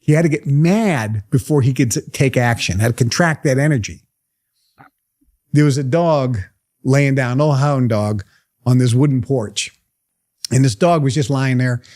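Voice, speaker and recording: Speaking to a live group, this motivational seminar speaker delivers an emphatic talk full of rapid rhetorical questions. His voice sits in the mid range, a little mellow, at normal speed.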